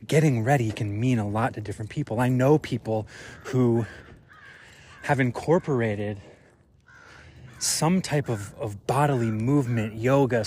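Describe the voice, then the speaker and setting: A man thinks aloud as he walks outdoors, with an unhurried, drawn-out delivery. His pitch sits in an ordinary middle range, and his reflective solo talk is loose and full of small fillers. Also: slight background noise. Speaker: podcast host. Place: outdoors on a walk.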